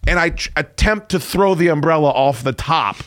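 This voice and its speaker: A man in his forties hosts a radio show, telling a story as a profane, self-mocking rant. His voice sits fairly high and sounds animated and a bit bright at a moderate pace. The recording is studio quality with no echo.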